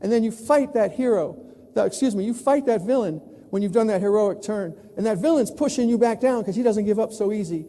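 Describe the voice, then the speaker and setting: A New York man delivers a brisk conference keynote as the plenary speaker, telling stories and mimicking the voices of people he quotes. His pitch is high, yet his tone comes across deep and mellow. A large hall's long reverb surrounds the sound.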